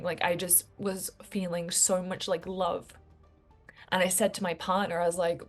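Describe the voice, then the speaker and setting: A woman's voice: fairly low pitch, flat delivery, normal speed, soft background music. A woman talking to her viewers in a heartfelt, reflective way, full of casual fillers. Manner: earnest, reflective, many fillers like "like". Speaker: vlogger. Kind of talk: heartfelt personal talk to camera.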